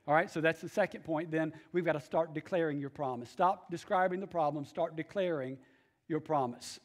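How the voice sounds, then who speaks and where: Male pastor, high-pitched, emphatic preaching with repeated phrases. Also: brisk. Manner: emphatic, repeats key phrases, calls for amens. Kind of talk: sermon.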